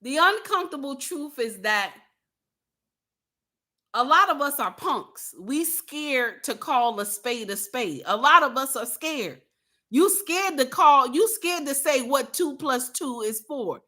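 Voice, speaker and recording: A woman's voice: high voice, expressive, slow pace, sharp tone. A woman hosting a casual livestream, talking bluntly and preachily to her viewers and repeating her points for emphasis. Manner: addresses viewers and chat directly. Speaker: livestream host.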